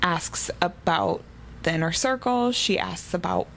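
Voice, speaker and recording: A woman's voice: on the low side, measured pace, vocal fry, slight background noise, low-quality recording. A woman co-hosting a casual book podcast, recapping the plot eagerly. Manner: chatty, recapping the plot with enthusiasm. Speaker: podcast co-host.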